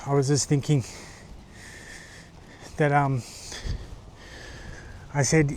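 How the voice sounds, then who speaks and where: A man in his forties with an Australian accent, vlogging in a casual, halting monologue full of fillers and restarts, from a car on the road. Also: fairly high pitch, flat delivery, a little mellow, slight background noise. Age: 40s.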